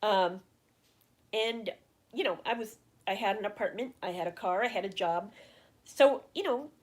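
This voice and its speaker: A middle-aged woman hosts a casual livestream, answering viewers' questions in a mid-range voice at normal speed. She rambles with many fillers and restarts and speaks openly about her feelings.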